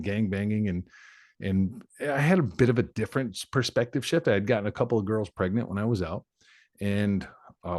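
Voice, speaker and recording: Male podcast guest, 40s, deep-ish and dry, frank and reflective. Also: darkish tone, no room sound. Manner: candid, reflective storyteller. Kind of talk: personal life story in conversation.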